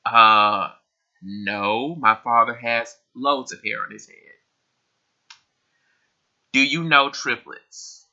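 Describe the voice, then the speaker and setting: A man's voice: mid-range voice, takes it slowly, pauses often, pushed and bright, dull audio. A young man answering questions in a casual tag video, chatty and laughing often as he repeats himself. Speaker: vlogger. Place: his room.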